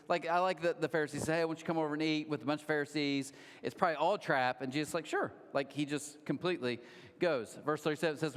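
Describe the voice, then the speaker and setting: A man preaching a sermon, telling stories in a conversational way with animated asides, in a large church auditorium. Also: fairly high pitch. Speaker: pastor. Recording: long hall reverb.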